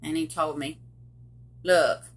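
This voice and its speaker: A woman's voice: sits low, fairly even intonation, slow. A middle-aged woman telling a personal story straight to the viewers, emphatic and direct. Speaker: survivor telling her story.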